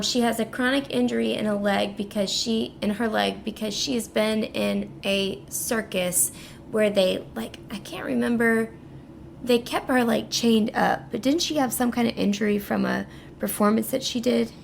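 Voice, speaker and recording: Female podcast co-host, mid-pitched gravelly voice, relaxed summarizing, faint noise behind. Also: normal speed. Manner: relaxed summarizing with light laughs. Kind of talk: casual book podcast chat.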